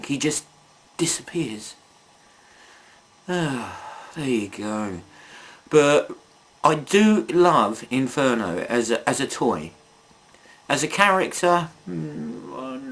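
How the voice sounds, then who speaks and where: A man's voice: mid-range voice, big pitch swings, a little slow, fairly bright tone. A man reviewing toys in a casual video, rambling and chatty, full of asides and self-mocking jokes. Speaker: toy reviewer.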